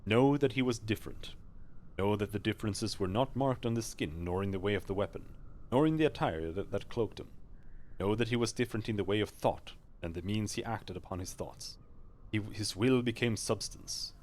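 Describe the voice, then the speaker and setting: A man's voice: lowish voice, moderate pace, darkish tone, close to an everyday voice. A man voicing a stern, tormented male githzerai warrior, reading game dialogue aloud in solemn, formal speech.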